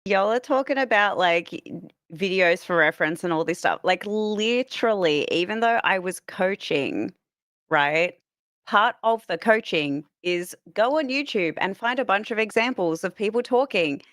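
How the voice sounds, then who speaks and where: A woman who coaches voices, chatting casually on a podcast with quick wit and frequent laughs. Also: medium pitch, lively intonation, fairly bright tone, no room sound, clean studio sound. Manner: quick-witted, laughs a lot. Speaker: voice coach and podcast cast member. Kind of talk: casual chat.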